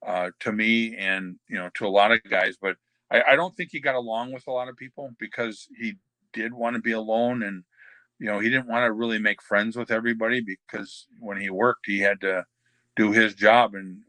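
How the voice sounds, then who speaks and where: A man's voice: lowish voice, fairly even intonation, normal speed, pushed and bright, no room sound. An older man, a former wrestler, telling backstage anecdotes as a podcast guest, rambling with many fillers and restarts. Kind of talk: anecdotal storytelling.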